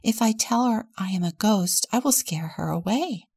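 A woman voicing a shy, gentle boy ghost from a storybook, speaking softly and hushed. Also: medium pitch, expressive, moderate pace, gravelly, breathy edge, no room sound, clean studio sound.

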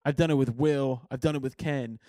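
A man's voice: medium pitch, fairly even intonation, brisk, dark tone, dry recording, studio quality. A young man from Philadelphia hosting a podcast over a video call, laughing often and swearing freely in casual chat. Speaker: podcast host.

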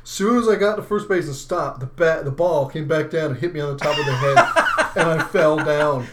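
A man co-hosting a podcast, telling an animated story and laughing often, a little sick and chewing lozenges. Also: a little high, fairly quick. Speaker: podcast co-host. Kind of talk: casual chat.

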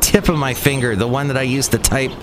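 A man's voice: mid-range voice, steady tone, fairly quick. Brief: chatty Californian man, wry solo podcast host, traffic noise in the background. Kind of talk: casual rambling monologue.

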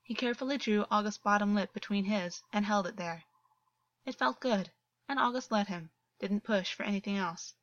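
A woman narrating a story as an audiobook reader, with a steady, even reading delivery. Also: mid-range voice, moderate pace, dry recording, dull audio. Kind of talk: scripted narration.

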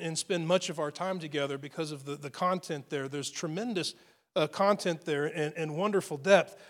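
A man preaching a sermon to his congregation, earnest, swelling into emphatic lines and dropping into soft asides. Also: a little high. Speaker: pastor.

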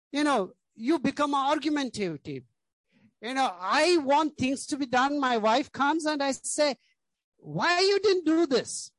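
Brief: male pastor, unhurried emphatic sermon delivery, dry close sound, repeats his points. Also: very high voice, no echo. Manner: emphatic preaching, repeats key words, frequent "you know".

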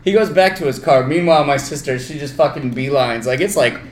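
A young man telling an animated, profane story in casual podcast chat, acting out the voices of the people in it. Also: medium pitch, brisk. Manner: animated storyteller, swears freely, acts out quoted voices. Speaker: podcast co-host. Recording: echoey room with faint noise.

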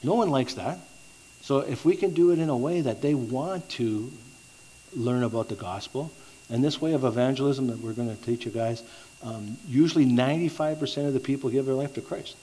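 A man's voice: medium pitch, warm tone, slight background noise, poor audio. A man teaching evangelism in a conversational sermon, telling stories and often asking "right?", with frequent restarts. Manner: conversational, asks the audience "right?"; halting, with many restarts. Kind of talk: sermon with storytelling.

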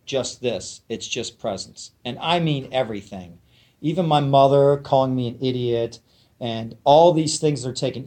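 A man's voice: fairly high pitch, mellow. Emphatic man giving a spiritual lecture. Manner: emphatic and conversational, often checking in with listeners. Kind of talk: spiritual lecture to a live audience. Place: lecture room with an audience.

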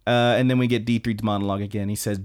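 A man with a fairly low voice hosts a podcast, walking through story scenes in a relaxed, conversational recap. Now and then he bursts into excited, joking asides. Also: rapid-fire, smooth. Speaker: podcast host. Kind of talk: casual episode recap.

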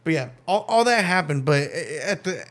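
A man's voice: on the high side, lively intonation, normal speed, fairly bright tone. A man hosting a casual podcast, telling a story with lots of swearing and laughter and acting out the voices of the people in it. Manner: profane, laughing, acts out quoted voices. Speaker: podcast host.

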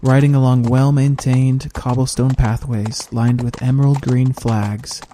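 A man reading a fantasy audiobook in steady, measured first-person narration. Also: medium pitch, a little hiss or hum.

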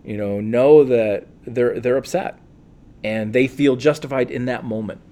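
A man, a counselor, answering interview questions in a calm, earnest and reflective way, with many fillers and restarts. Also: medium pitch, measured pace. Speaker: guest, counselor.

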